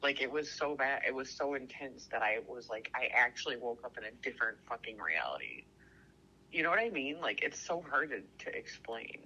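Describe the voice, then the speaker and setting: A man telling a story in casual chat, excitable and rambling, swearing constantly and stuffing every sentence with "like". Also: mid-range voice, a little fast, slightly rough, lo-fi sound. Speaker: podcast co-host.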